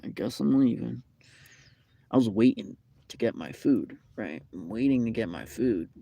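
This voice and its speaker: A man's voice: fairly low pitch, dark tone, no room sound. A young man telling a rambling story on a live stream, with lots of fillers and repeated phrases. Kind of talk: casual live-stream chat. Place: McDonald's restaurant.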